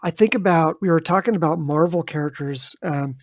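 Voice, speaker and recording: A man's voice: on the high side, fairly quick, no echo, studio quality. A man co-hosting a podcast in casual chat, emphatic and addressing listeners directly. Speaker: podcast co-host.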